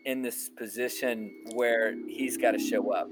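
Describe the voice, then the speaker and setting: A man on a podcast as a guest, telling a testimony in a lively, colloquial way. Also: medium pitch, measured pace, music in the background. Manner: animated, colloquial, addresses listener as bro. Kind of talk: storytelling testimony.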